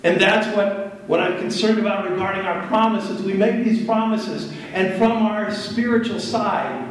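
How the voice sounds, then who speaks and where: A man's voice: high voice, flat delivery, unhurried. A man preaching a sermon as pastor, building intensity with repetition. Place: church sanctuary. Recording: echoey room from far off.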